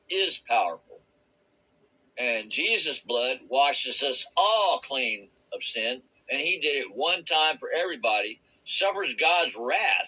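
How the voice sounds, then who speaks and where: A man giving a rambling, earnest personal testimony about a spiritual experience. He searches for words and laughs softly now and then. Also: medium pitch, husky, poor audio. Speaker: vlogger sharing a spiritual experience.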